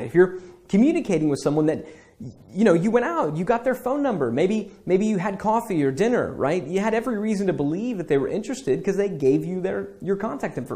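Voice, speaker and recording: A man explains email marketing in a relaxed, chatty lecture and slips into the voice of sample messages as he goes. His voice sits a little high for a man. Its tone is mellow and soft-edged. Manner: conversational, many fillers, acts out sample emails. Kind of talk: casual spoken lecture.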